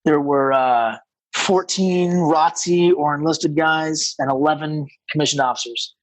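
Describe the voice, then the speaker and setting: A man telling stories as a guest on a casual podcast, animated and rambling, with lots of fillers. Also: on the high side, measured pace, poor audio. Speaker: podcast guest, combat rescue officer.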